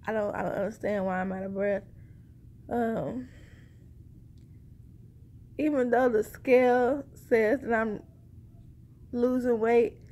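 A woman's voice: a little high, steady tone, slow, long pauses, a little mellow. A woman chatting casually to her viewers in a rambling, conversational way, a little short of breath. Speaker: vlogger sharing a pregnancy update. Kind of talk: casual chat to camera.

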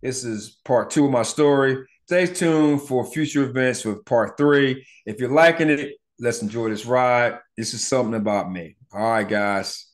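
A middle-aged man, telling a personal story on his podcast in a casual, profane, animated way, acting out the people he quotes. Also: medium pitch, normal speed, hardly any pauses. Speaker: podcast host.

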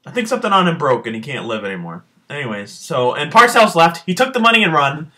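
A man's voice: on the high side, quick pace. A man hosting a podcast, delivering a profane, sarcastic sports rant. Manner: animated, swearing, sarcastic. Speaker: podcast host.

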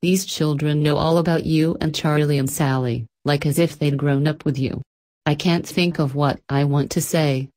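Husky, excited middle-aged farm mother, read by a woman, low and breathy. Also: normal speed, close to an everyday voice. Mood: fond. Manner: excited, bustling, fond.

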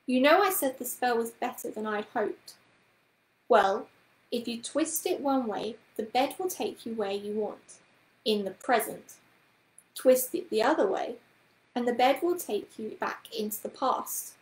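A prim, bossy storybook witch, as a woman reads her, clipped and scolding. The voice sits fairly high and rings in a roomy, echoing room. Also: a little slow, close to an everyday voice. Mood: firm. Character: prim brisk middle-aged woman, an amateur witch.

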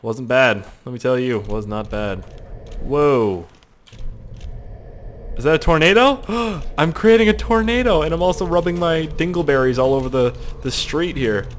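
A man giving excitable, crude let's-play commentary, swearing a lot and joking to himself. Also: on the high side, moderate pace, slight background noise. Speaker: gaming video host.

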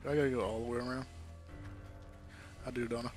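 A man giving casual let's-play commentary, animated and quick to exclaim. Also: medium pitch, soft background music. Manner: animated, exclaiming at game moments. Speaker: gamer.

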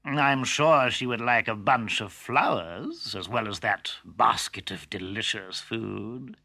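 A man doing a sly, smooth-talking wolf. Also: on the low side, slow pace, sharp tone, no echo, studio quality, exaggerated voice. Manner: sly, falsely polite. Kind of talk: children's story tape acting.

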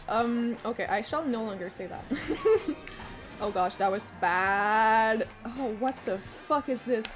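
A woman streamer giving live commentary as she plays, excitable, swearing and shrieking when things get fast. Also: a little high, faint music behind. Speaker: gaming streamer.

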